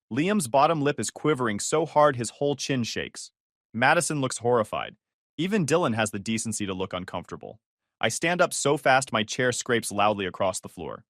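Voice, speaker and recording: A man's voice: medium pitch, animated, moderate pace, a bit bright, dry recording, clean studio sound. Man narrating a tense family story. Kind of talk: first-person story narration.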